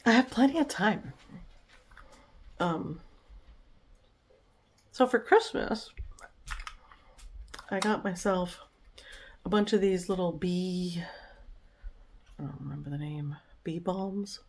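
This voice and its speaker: A woman chatting casually in a home vlog, relaxed and talkative, sometimes cooing to her dog. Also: lowish voice, takes it slowly, pauses often. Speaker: vlogger. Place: home, indoors.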